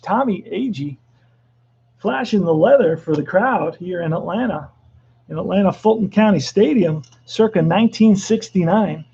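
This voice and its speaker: A middle-aged man doing excitable play-by-play commentary of a tabletop baseball replay, with joking asides. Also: sits high, moderate pace, vocal fry, slightly rough, lo-fi sound.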